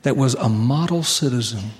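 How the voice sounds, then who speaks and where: A man preaching a sermon and telling a story, earnest, slowing down for key lines. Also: mid-range voice, animated, long reverb tail.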